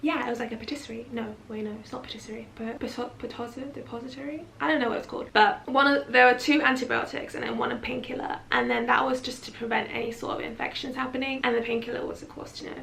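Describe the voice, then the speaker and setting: A woman tells her story to camera in a candid, dramatic, laughing way. Her voice sits a little high and has a gravelly, fry-edged texture. A faint background noise runs under the recording. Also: a bit bright. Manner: chatty, frank and dramatic, laughing often. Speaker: vlogger.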